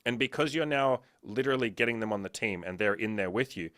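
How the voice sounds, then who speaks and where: A man chatting casually on a podcast as a business coach, swearing a lot and telling animated stories. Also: on the low side, fast talker, dry recording, studio quality. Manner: profane, animated storytelling.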